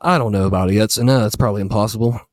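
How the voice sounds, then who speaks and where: A man's voice: lowish voice, racing, no room sound, studio quality. A man co-hosting a podcast in casual banter, laid-back, swearing often and saying dude constantly. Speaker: podcast co-host.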